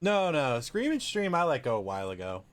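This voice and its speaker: A man's voice: mid-range voice, very animated, a little fast, no room sound. Co-host, man, wry asides, dry close sound. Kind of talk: casual live chat show.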